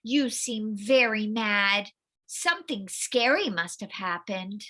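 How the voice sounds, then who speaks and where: Woman voicing a gentle female butterfly teacher, storybook, soft, soothing, slow, bright tone. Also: medium pitch, animated.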